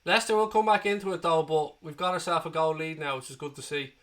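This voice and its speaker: A man hosting a live football watchalong, calling the play and chatting with viewers, excitable and prone to swearing as he cheers. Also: on the high side, fast talker. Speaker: watchalong host. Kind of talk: live match commentary and chat. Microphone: desk microphone.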